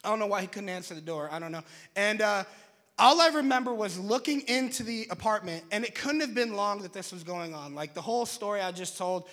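A young man, a pastor, telling a lively, jokey story to an audience and acting out his own shouts. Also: high-pitched, a little fast.

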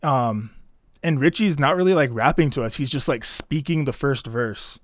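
A man talks through an album track by track as co-host of a relaxed podcast, rambling and dropping "like" fillers throughout. His medium-pitched voice keeps a moderate pace, captured in a dry, clean studio recording.

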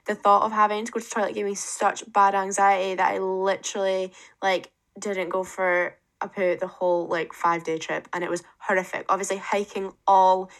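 A woman's voice: medium pitch, flat delivery, a little fast, hardly any pauses, fairly bright tone. A young British woman with a mid-range voice swaps stories on a chatty podcast. She giggles often and fills her talk with "um" and "like". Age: young adult. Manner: storytelling, giggly, many "like" and "um" fillers. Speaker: podcast co-host. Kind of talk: casual chat.

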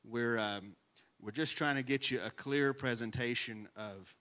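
A man with a bright, forward voice talks scripture in an earnest, conversational way. His mid-range pitch sits easily in casual discussion. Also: a little slow. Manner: earnest, conversational, chuckles now and then. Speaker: co-host of a Bible study podcast. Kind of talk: casual Bible teaching talk.

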